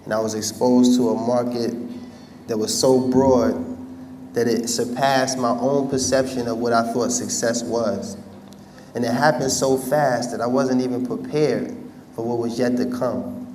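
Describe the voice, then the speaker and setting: A man recounts his past to an audience in a relaxed, conversational way, using street slang and repeating himself for emphasis. His voice sits at a middle pitch. It is picked up from some distance, with faint noise underneath. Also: measured pace. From United States. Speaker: former rapper telling his life story. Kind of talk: storytelling talk to an audience.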